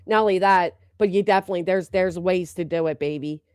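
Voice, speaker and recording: A woman's voice: fairly low pitch, quick pace, a little mellow, clean tone, no echo. Middle-aged woman ranting on her livestream, swears a lot, dry close sound. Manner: blunt and profane, reads viewer names. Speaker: livestream host. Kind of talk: heated livestream commentary.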